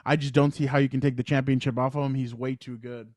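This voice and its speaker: A man co-hosting a casual sports podcast, talking excitedly and rambling as he retells matches. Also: medium pitch, quick pace, no echo. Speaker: podcast co-host.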